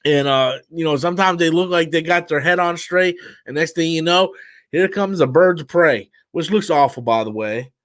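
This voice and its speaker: A man's voice: a little high, normal speed, a bit bright, no echo. A tired man hosting a live stream, ranting bluntly and profanely in a loose, rambling casual way.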